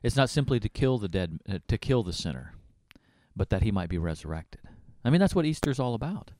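A man's voice: fairly low pitch, very animated, fairly quick, mellow, no room sound, studio quality. A man co-hosting a Bible study, reading scripture aloud expressively with emphatic asides.

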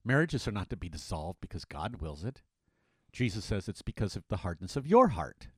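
A man co-hosting a Bible study talk, reading scripture with theatrical emphasis. His pitch rises and falls widely, and his voice sits on the low side. The sound is dry and close. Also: brisk, breathy edge, no room sound. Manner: animated, dramatic scripture reading. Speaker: pastor co-host.

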